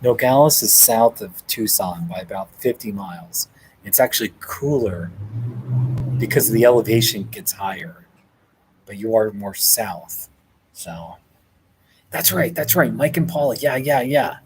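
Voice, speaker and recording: A man's voice: on the low side, unhurried, a little mellow, a little hiss or hum, poor audio. A man hosting a casual livestream from a hotel room, reading viewer comments, thanking people by name and laughing often. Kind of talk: casual live chat.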